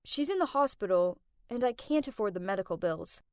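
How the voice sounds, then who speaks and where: A woman voicing a young man who speaks haltingly and hesitantly in an animated story. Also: medium pitch, clear, resonant tone, no room sound, clean studio sound, pitched below the performer's own voice, natural voice. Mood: sheepish.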